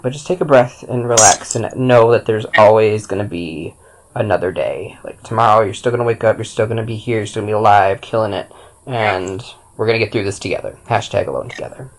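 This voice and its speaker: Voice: mid-range voice, fairly quick, low-quality recording. A young adult co-hosting a podcast in an easygoing, reassuring way. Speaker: podcast co-host. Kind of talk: casual podcast chat.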